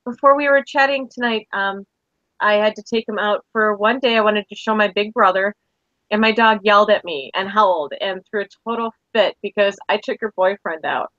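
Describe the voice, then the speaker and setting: Bright-voiced joking woman guest. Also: medium pitch, normal speed, no echo. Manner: playful, jokey storyteller. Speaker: podcast guest, psychic. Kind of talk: casual chat. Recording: slightly dull lo-fi audio.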